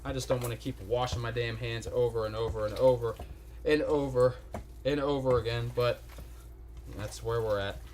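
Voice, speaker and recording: A Pittsburgh-area man hosts a relaxed livestream from his home kitchen, swearing casually as he talks straight to viewers. His mid-range voice is steady and a little mellow, at a moderate pace, with slight background noise.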